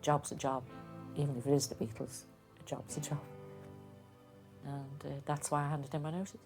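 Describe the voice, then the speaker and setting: An older woman with a Liverpool accent reminisces in an interview. Her voice sits low, and she tells stories with relish, acting out the people she quotes. Faint music plays behind her. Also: little pitch movement, moderate pace.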